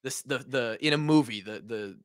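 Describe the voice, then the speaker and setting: A young man from Iowa, a former player co-hosting a podcast, tells a story in a lively, swearing, casual way and acts out the quotes. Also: mid-range voice, moderate pace, clean tone, no echo, clean studio sound.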